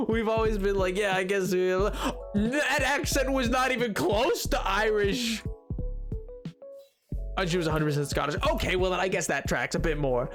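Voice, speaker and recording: Male streamer, high and expressive, unhurried, giggly, rambling casual chat. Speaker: livestreamer. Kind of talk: casual chat while gaming.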